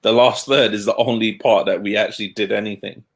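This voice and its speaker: Low gravelly man, blunt. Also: fairly even intonation, a little fast. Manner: blunt, laughs at his own points. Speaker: podcast co-host. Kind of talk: casual football chat.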